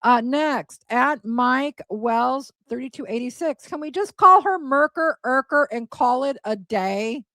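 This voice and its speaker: A woman's voice: high-pitched, expressive, measured pace, few pauses, bright, forceful tone, no echo. Chatty woman host, dry close sound. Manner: chatty, blunt and scornful, reads out viewer comments. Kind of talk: casual live-stream commentary.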